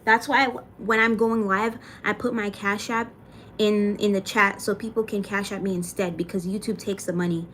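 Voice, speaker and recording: A woman's voice: medium pitch, fairly even intonation, moderate pace, fairly bright tone, a little hiss or hum. A young adult woman chatting casually on a livestream, thanking viewers by name and swearing now and then. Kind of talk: casual livestream chat reading comments.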